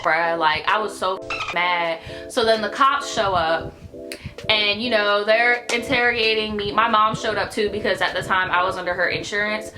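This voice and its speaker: A young woman in her twenties telling a story in her vlog, brash, profane and animated. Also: medium pitch, normal speed, music in the background. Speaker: YouTuber.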